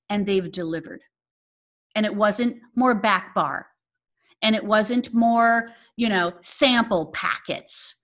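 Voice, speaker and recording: A woman coaching salon owners, her voice sitting at an ordinary middle pitch. She speaks in a direct, emphatic way and keeps checking in with her listeners. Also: a little slow, a bit bright.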